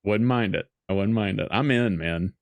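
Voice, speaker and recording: A man's voice: on the low side, normal speed, vocal fry, no room sound. A man chatting casually as a podcast guest, joking and rambling while reacting to a movie, laughing often. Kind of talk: casual movie commentary chat.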